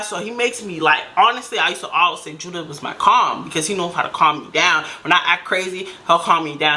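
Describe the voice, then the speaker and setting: A woman telling a personal story to camera in a casual, animated way, acting out what others said. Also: on the low side, normal speed. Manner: animated, acts out quotes in voices. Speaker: storytime vlogger.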